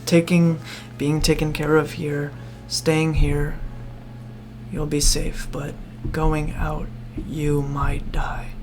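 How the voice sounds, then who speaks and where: A game master voicing a weary, protective grown man who talks softly and sighs heavily, in a tabletop role-play. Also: mid-range voice, level tone, slow, few pauses, background noise, natural voice. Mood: grave. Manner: soft, hushed, heavy-sighing.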